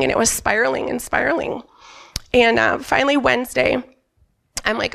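A woman's voice: high-pitched, big pitch swings, normal speed, gravelly, fairly bright tone. A middle-aged woman telling a candid, emphatic personal testimony on a church stage. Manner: candid, emphatic storyteller who quotes herself. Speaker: church member giving a testimony.

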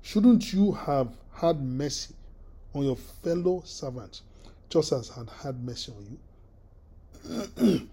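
A preacher delivers a sermon in a mellow, husky voice. The delivery halts and doubles back on words, with frequent throat-clearing and questions tossed to the listeners. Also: mid-range voice, animated. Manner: halting, repeats words, asks the listeners questions.

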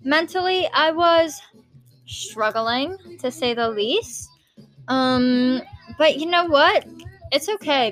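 A young woman with a high, light voice rambles through her own solo podcast, hopping from one thought to the next and swearing without a second thought. Faint music plays quietly in the background. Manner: rambling, scattered, jumps between topics, swears casually. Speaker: podcast host. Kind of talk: casual solo podcast chat. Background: faint music playing.

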